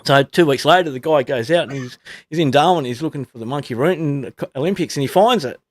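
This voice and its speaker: A middle-aged man telling a long joke on a podcast, laughing as he goes. His voice is a touch high and very dry and close. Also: quick pace, no room sound. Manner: laughs through his storytelling. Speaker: podcast co-host.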